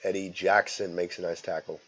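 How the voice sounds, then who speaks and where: A man's voice: low voice, level tone, normal speed, fairly bright tone. A man doing casual, joking commentary on a game, talking in a rambling, easygoing way. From rural US. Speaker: play-by-play commentator. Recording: dull lo-fi audio.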